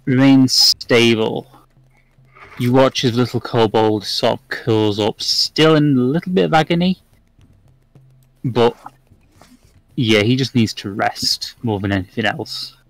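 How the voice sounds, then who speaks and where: A man narrating a tabletop game as dungeon master, in a relaxed, descriptive way. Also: mid-range voice, unhurried, vocal fry, pauses often, no echo, rough recording.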